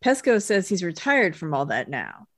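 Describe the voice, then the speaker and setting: An American woman co-hosting a podcast, chatting casually about a TV episode, friendly and quick to laugh. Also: lowish voice, big pitch swings, dry recording, studio quality. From United States. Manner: laughs easily, friendly and agreeable. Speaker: podcast co-host. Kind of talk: casual chat recapping a TV episode.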